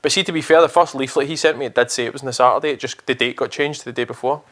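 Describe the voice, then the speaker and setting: A young Scottish man with a Scottish accent tells a rambling anecdote at a rapid clip. His pitch sits in the middle range, and the swearing comes out easy and offhand as he talks. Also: fairly bright tone. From Scotland. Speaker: podcast co-host. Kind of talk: casual storytelling chat.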